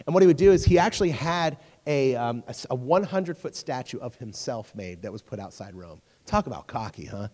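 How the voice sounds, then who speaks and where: Man preaching with a storyteller's energy in a reverberant hall. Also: mid-range voice. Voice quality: storytelling, jokey and animated, talks to crowd. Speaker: youth pastor. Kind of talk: sermon. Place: church hall.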